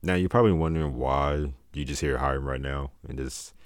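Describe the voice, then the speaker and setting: A podcast co-host reading a joking mock sponsor ad in a put-on, very deep voice. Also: male voice, a little fast, no echo, studio quality. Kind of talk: mock ad read.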